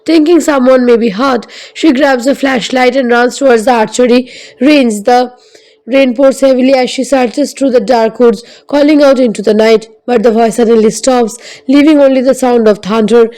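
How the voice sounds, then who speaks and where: A woman narrating a scripted film recap in a steady, even storytelling manner. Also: fairly high pitch, moderate pace, rough recording.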